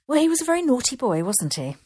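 A woman from Bristol with a Bristol accent, a poet telling local legends as an interview guest, talking quickly and chattily. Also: sits high, sing-song, darkish tone, husky. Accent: Bristol English. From Bristol, England. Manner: quick, chatty, laughs easily. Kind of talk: casual storytelling chat.

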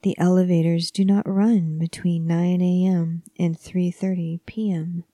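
A woman's voice: lowish voice, level tone, measured pace, mellow, no room sound. A woman voicing a thin, stern aunt who speaks formally and cryptically, with clipped sentences and no contractions.

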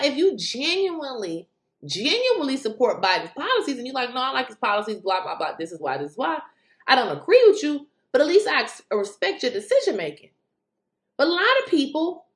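A woman giving animated political commentary, incredulous and exclaiming at times. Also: high voice, reverberant. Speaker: commentary vlogger.

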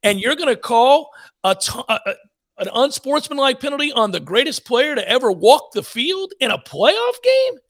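A man's voice: very high voice, big pitch swings, moderate pace, fairly bright tone. A man co-hosting a sports talk podcast, ranting bluntly and with profanity about the officiating.

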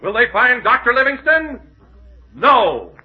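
A man's voice: extremely high pitch, very animated, a little slow, breathy edge, lo-fi sound. A man narrating as announcer in a 1930s radio comedy, grand and mock-serious. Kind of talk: scripted narration.

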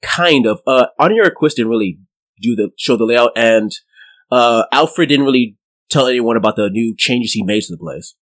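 A man narrating a tabletop game as game master, in a casual, halting way. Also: medium pitch, poor audio.

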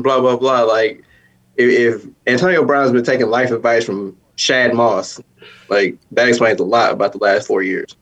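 A man's voice: mid-range voice, fairly even intonation, fairly quick, dull audio. A man hosting a casual podcast chat, telling stories in an easygoing way.

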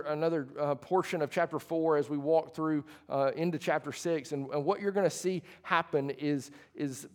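A man's voice: a little high, a little mellow. A man preaching a sermon to a congregation, talking in a conversational way with restarts and asides. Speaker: pastor. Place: church hall before a congregation.

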